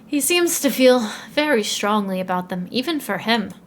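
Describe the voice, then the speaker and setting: A woman's voice: fairly high pitch, expressive, moderate pace, a little hiss or hum, close to an everyday voice. Woman voicing a mild polite young reporter. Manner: mild, courteous, slightly unsure. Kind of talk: first-person game narration read aloud.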